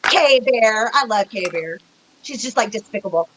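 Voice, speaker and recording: A woman's voice: on the high side, lively intonation, normal speed, background noise. Emotional woman on a livestream. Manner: emotional, speaking out to chat viewers. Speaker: psychic reader and co-host. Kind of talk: livestream chat.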